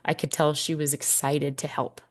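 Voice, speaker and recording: A woman's voice: low-pitched, little pitch movement, normal speed, no echo, studio quality. A woman in her thirties hosting a personal podcast monologue, candid and heartfelt, swearing freely as she reflects. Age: 30s. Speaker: podcast host.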